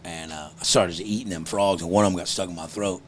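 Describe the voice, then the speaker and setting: Gravelly man, low voice, slow profane drawl, faint room ambience. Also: fairly even intonation, a little hiss or hum. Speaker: stand-up comedian guest. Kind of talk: casual chat.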